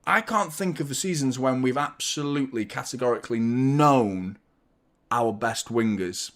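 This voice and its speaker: A young man hosting a football watchalong stream, chatting casually, rambling and joking while reading out viewer shout-outs. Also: medium pitch, moderate pace. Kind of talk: casual live-stream chat.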